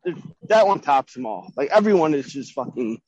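A man's voice: on the high side, very animated, fairly quick, a little mellow, slightly rough, no echo, highs cut off. A man co-hosting a casual podcast chat, earnestly going through his list. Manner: earnest, list-making, enthusiastic. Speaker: podcast co-host.

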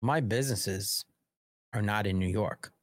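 A man's voice: lowish voice, measured pace, no echo, clean studio sound. A man hosting a political live show, ranting in a heated, sarcastic and profane way. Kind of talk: political commentary livestream.

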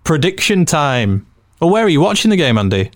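A man's voice: on the high side, sing-song, no room sound. Man host reading football stats. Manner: reads out match stats briskly. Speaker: podcast host. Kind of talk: casual football podcast chat.

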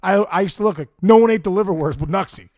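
A middle-aged man telling stories in a casual chat, animated, acting out the people in them and laughing often. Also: high-pitched, fast talker. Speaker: guest storyteller. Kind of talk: casual storytelling.

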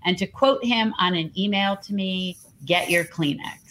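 A woman's voice: mid-range voice, normal speed, a bit bright. A woman co-hosting an online book show over a video call, chatting in a breezy, joking way. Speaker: co-host. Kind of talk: casual chat.

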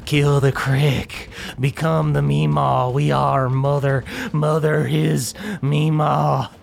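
A man's voice: a little high, flat delivery, slow, vocal fry, full character voice. A man putting on an eerie fungal hive-mother. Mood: menacing. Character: eerie fungal copy of a woman, hive-minded.

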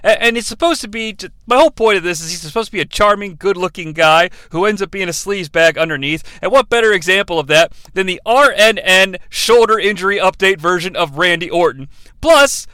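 A man's voice: high voice, expressive, fairly quick, sharp tone, clean tone, dry recording. A man hosting a comedic podcast, rambling and profane, often interrupting himself and laughing. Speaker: podcast host. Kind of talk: comedic solo podcast riff.

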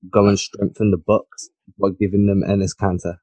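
Blunt, opinionated male podcast co-host, lowish voice, dry close recording. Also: level tone, moderate pace, warm tone, no echo. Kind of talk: casual sports podcast chat.

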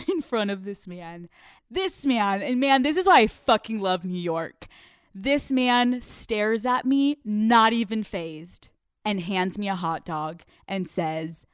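A young American woman telling a comedic story, profane and lively, acting out the people in it. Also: medium pitch, takes it slowly, clear, resonant tone, no echo, clean studio sound. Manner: animated, profane, acts out quoted voices. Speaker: podcast host.

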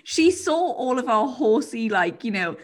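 A woman's voice: fairly high pitch, measured pace. A woman hosting a podcast, telling stories in a casual chat and laughing often. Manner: giggly, animated storytelling with lots of laughter. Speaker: podcast host.

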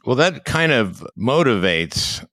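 A man hosting an interview, asking questions in a folksy, halting way with plenty of 'uh'. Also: mid-range voice, very animated, fairly bright tone, no room sound, clean studio sound. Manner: hesitant, folksy, many 'uh' pauses. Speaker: podcast host.

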